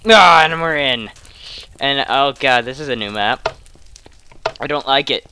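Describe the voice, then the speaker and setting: Young male gaming host, slow-spoken but explosive, gravelly fry, lots of shouting. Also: mid-range voice, no room sound. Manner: shouting, laughing, hyper reactions. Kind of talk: excited gameplay commentary.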